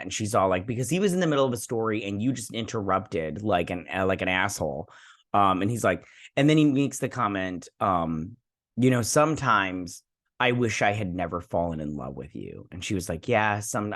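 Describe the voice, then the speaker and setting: A man's voice: lowish voice, expressive, moderate pace, a bit bright. A man hosting a casual episode review, retelling scenes in a rambling way with snarky asides. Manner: rambling retelling with many "she's like" quotes. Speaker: host.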